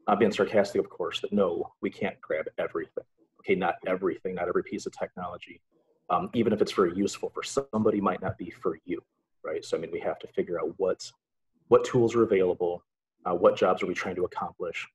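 A man's voice: sits low, steady tone, quick pace, husky, rough recording. A middle-aged man, a college English instructor, giving a casual webinar presentation in a chatty way, full of filler sounds and dry sarcastic asides.

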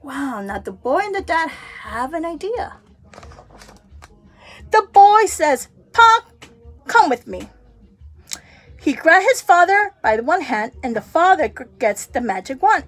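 Animated woman telling a children's story. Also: high-pitched. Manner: animated, with sound effects. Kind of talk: children's story read-aloud.

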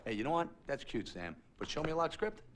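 Actor as a brash, profane studio executive; lively, swinging delivery, faint background hiss. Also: male voice, on the high side, fast. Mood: blustering. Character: crude brash male movie executive. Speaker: film producer character. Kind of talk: film acting.

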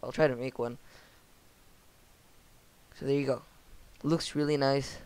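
A young man speaking in a monotone as he talks through a game building tutorial on his channel. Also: mid-range voice, unhurried, clear, resonant tone. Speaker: channel host.

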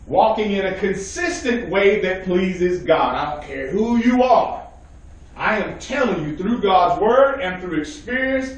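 A man preaches at a men's Bible study, emphatic and calling out to his listeners. His voice sits high. He is heard from a distance in a strongly echoing room. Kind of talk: sermon. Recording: very echoey room, mic far off.

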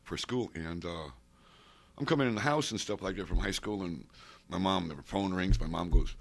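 A man's voice: low voice, moderate pace, vocal fry. A man in his sixties, being interviewed, telling rambling oral-history stories full of digressions and asides. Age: 60s. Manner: digressive, with many asides and restarts. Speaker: interviewee, comics fan and collector. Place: convention center interview room.

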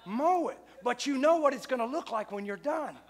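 High-voiced man preaching a conversational sermon. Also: animated, moderate pace. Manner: conversational, repeats phrases for emphasis. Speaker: pastor.

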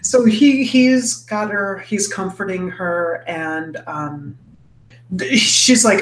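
A woman co-host chats loosely about a book, piling up fillers and restarts as she retells the story. Her voice sits at an ordinary pitch. It was recorded in a roomy, echoey space with faint noise underneath. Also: takes it slowly. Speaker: podcast co-host. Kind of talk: casual book-club chat.

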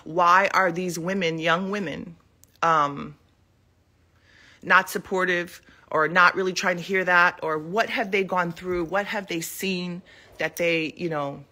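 A woman's voice: on the low side, fairly even intonation, slow, bright, forceful tone. A woman in her forties speaking casually and emotionally from her living room, defending her family in a rambling live video. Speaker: mother addressing the public.

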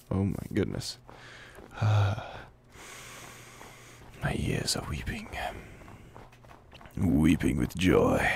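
A man with a low, gravelly voice gives unhurried let's play commentary. His pitch swings widely as he playfully chats to the animals in the game, over a faint background hiss. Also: fairly bright tone. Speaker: gameplay commentator.

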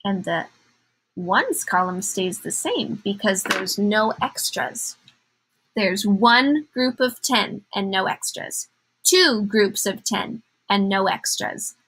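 A woman's voice: medium pitch, animated, slow, fairly bright tone, a little hiss or hum, rough recording. A woman teacher giving a patient math lesson to young children, counting aloud in a sing-song way.

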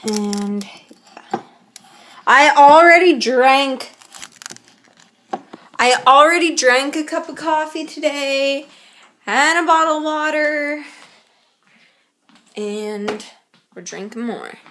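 A young woman in a casual vlog, talking straight to the camera in a high voice. She rambles at a slow, easy pace, full of fillers. A faint hiss sits under the recording. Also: a bit bright. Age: young adult. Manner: chatty, rambling, filler-heavy. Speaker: vlogger.

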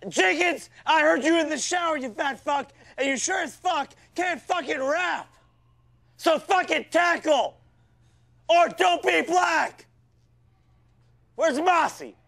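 A man playing a foul-mouthed, hot-tempered football coach in a comedy sketch, yelling insults at his players. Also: extremely high pitch, slow pace, creaky, long pauses, heavily acted. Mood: ranting.

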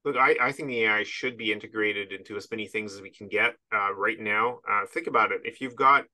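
A man's voice: on the low side, fairly quick, bright, forceful tone. A man from Canada, a podcast guest, talking casually and rambling with frequent restarts and chuckles. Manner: rambling, self-interrupting, chuckles at absurdities. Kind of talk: casual interview chat.

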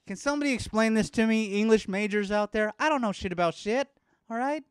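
A Bay Area, California podcast host in his thirties chats casually on his show, rambling and joking with profanity and using baby talk with his son. His high voice is brisk, clear, and resonant, with studio-quality sound from a studio microphone and no room sound.

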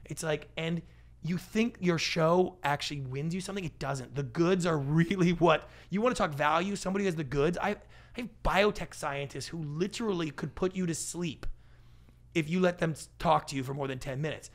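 Gravelly, higher-pitched man telling lively stories. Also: fairly quick. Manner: animated storyteller, acts out quotes; big energetic personality. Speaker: guest, pitch coach and TV producer. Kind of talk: conversational podcast interview.

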